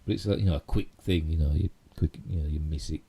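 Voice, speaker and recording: A man's voice: a bass voice, fairly even intonation, fast, vocal fry, dark tone, husky. A man with a Yorkshire accent hosting a casual live stream, rambling through geek news with lots of "you know" and tag questions. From Yorkshire, England.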